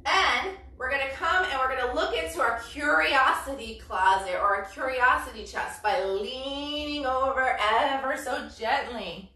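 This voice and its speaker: A woman with a high, bright voice leads a parent-and-toddler yoga class. She talks slowly and cheerfully, with sing-song cues. The sound is roomy, as if the mic sits some distance away. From Brooklyn. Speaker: yoga instructor. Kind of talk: live-streamed kids' yoga class.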